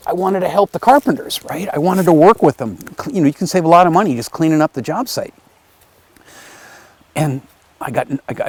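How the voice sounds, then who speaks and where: A man teaching a video class, telling a conversational story and acting out other people's lines as he goes. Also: a little high. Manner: conversational, lively retelling with acted quotes. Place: his home area in the countryside.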